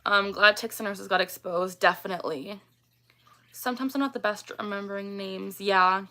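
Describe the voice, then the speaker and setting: Woman, 20s, livestream host, casual chat, reads and answers comments, bright voice. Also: mid-range voice, fairly even intonation, normal speed. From Canada. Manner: chatty, reads viewer comments aloud and answers them.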